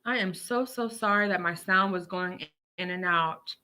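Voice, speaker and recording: A woman's voice: fairly low pitch, normal speed, pushed and bright. A woman hosting a casual livestream, reading viewer comments aloud and reacting to them in an outspoken, indignant way. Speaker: livestream host reading chat. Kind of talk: casual live chat. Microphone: computer mic on a streaming call.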